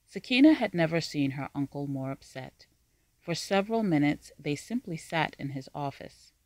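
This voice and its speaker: A narrator reading a fantasy story aloud in a measured, even storytelling manner. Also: mid-range voice, no room sound. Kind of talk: scripted audiobook narration.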